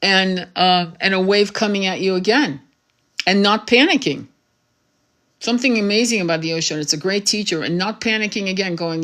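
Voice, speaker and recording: A woman's voice: mid-range voice, moderate pace, fairly bright tone. Frank, swearing woman tarot reader. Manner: frank, swears freely, laughs often. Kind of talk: casual livestream monologue.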